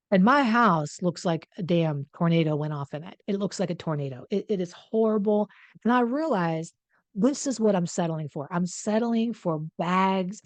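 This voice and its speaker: A woman's voice: fairly low pitch, a little mellow, no room sound. A middle-aged woman coach talking casually and candidly to the camera, mocking herself in a chatty way. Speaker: relationship coach. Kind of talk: casual direct-to-camera talk.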